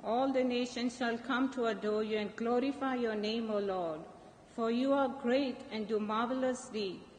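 A woman reading scripture aloud at Mass as lector, slow and careful. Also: fairly high pitch, darkish tone. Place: church. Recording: echoey church with faint noise.

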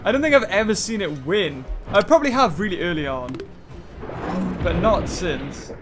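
A British man giving chatty, excitable let's-play commentary from his bedroom at home, thinking out loud and laughing often. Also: sits high, normal speed, over music. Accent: British English. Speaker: gaming channel host.

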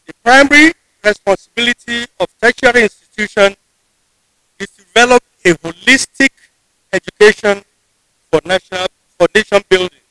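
A man with a Nigerian English accent giving a formal convocation address in a measured, deliberate way, often restarting his phrases. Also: high voice, bright, forceful tone, clean tone, no echo, low-quality recording. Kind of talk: formal ceremonial speech. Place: ceremony venue.

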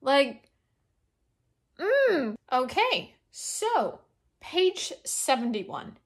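A woman's voice: high-pitched, extremely slow. A young woman casually reviewing a book, chatty and opinionated, with plenty of fillers. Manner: expressive, opinionated.

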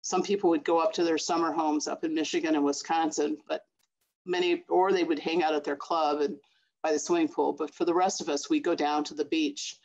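Chicago-area woman telling a story on a video call, low voice, kinda muffled audio. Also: brisk. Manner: expressive, acts out her mother's voice. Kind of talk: personal storytelling.

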